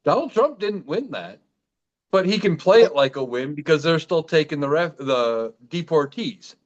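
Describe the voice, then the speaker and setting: A man from Iowa who is a guest on a podcast, chatting in an easygoing, animated way. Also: a little high, moderate pace, lo-fi sound. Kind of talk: casual podcast chat.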